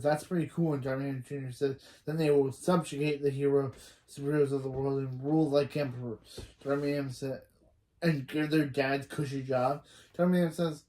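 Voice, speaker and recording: A man's voice: medium pitch, darkish tone. A man retelling a movie scene by scene in a rambling way, reciting each character's lines after "he says" and often correcting himself mid-sentence. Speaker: reaction channel host.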